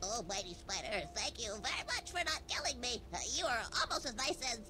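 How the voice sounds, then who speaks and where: A man's voice: very high voice, very animated, fairly quick, sharp tone, slight background noise, heavily acted, rough recording. A man voicing a cowardly, fawning male goblin who stammers and pleads. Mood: chatty.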